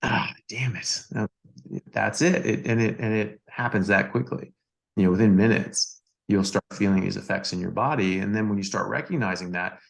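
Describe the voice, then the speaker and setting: A man's voice: fairly low pitch, moderate pace, gravelly. A man talking as a doctor guest, telling a story casually with lots of fillers and repeated words.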